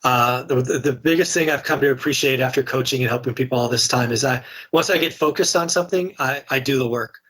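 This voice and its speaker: Middle-aged man, slightly breathy voice, frank and chatty interview guest. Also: mid-range voice, quick pace, hardly any pauses, fairly bright tone. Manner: candid, conversational, many restarts. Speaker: real estate investor and guest. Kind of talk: casual podcast interview storytelling.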